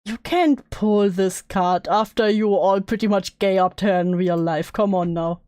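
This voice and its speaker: A woman's voice: medium pitch, moderate pace, dark tone, no room sound. A woman streamer reacting to a video with casual, sarcastic asides.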